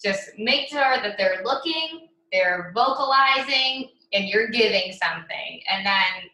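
A chatty woman host speaks in a bright, sharp voice and shares classroom tips at a lively clip. Her voice rings through a roomy, echoey space, and she slips easily into a bossy teacher tone when she tells a story. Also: mid-range voice, unhurried. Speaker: podcast host, speech therapist. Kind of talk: casual podcast chat.

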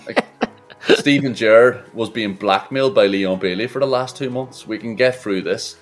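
A man's voice: on the low side, moderate pace. A man co-hosting a casual football podcast, riffing in a sweary, mocking comic way. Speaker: podcast co-host.

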